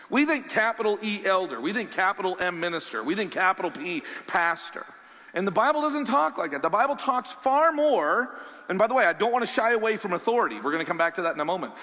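Animated preaching man in a reverberant hall. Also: high-pitched, fast. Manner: animated, conversational preaching with rhetorical questions. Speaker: pastor. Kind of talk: sermon.

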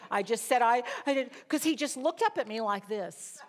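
A middle-aged woman teaching a Bible study, telling a personal testimony in an animated, storytelling way, talking fast and pitching her voice up high at the emotional moments.

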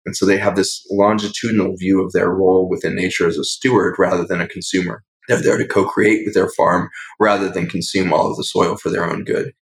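A man's voice: low-pitched, little pitch movement, a little fast, few pauses, poor audio. A man, a doctor guest on a podcast, telling stories in an earnest, reflective, flowing way. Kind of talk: podcast interview storytelling.

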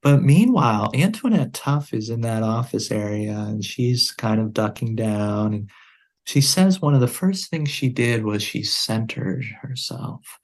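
A man guest on a podcast, telling a story in conversation in an earnest, measured way. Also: mid-range voice, expressive.

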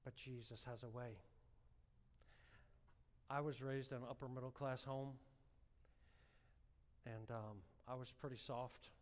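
A man preaching a sermon, telling a personal story with strong emotion and building to fervent, loud exhortation. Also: medium pitch, little pitch movement, unhurried, long pauses, long reverb tail. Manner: emotional storytelling, rising to impassioned shouting.

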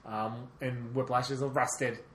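A woman's voice: extremely low pitch, little pitch movement, moderate pace, echoey room, a little hiss or hum. A woman co-hosting a podcast, casually recounting a movie's plot step by step, her sentences often trailing off. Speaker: podcast co-host. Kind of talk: casual movie recap chat.

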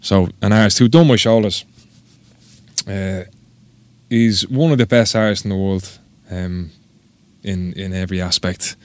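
A man's voice: low-pitched, measured pace. An Irish man, a tattoo artist, telling stories in a casual interview, rambling and swearing freely. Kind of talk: casual podcast interview storytelling.

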